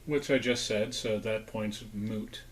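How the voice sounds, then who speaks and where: A man's voice: on the low side, steady tone, slow, slight background noise, rough recording. A man rambling casually through a snack review, sometimes talking with his mouth full. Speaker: food review vlogger. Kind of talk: casual food review vlog.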